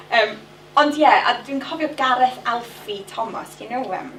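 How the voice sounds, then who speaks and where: A middle-aged woman from Wales speaks in a high, lively voice, moving between Welsh and English as she addresses a conference. She sounds distant from the microphone in an echoey hall, with faint room noise behind her. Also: a little slow. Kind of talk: lively bilingual conference talk.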